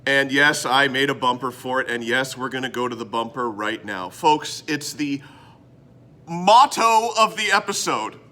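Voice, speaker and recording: A man hosting his own comedy web show, talking to camera in a rambling, sarcastic monologue that swings from mutters to loud bursts. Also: medium pitch, animated, measured pace. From Canada.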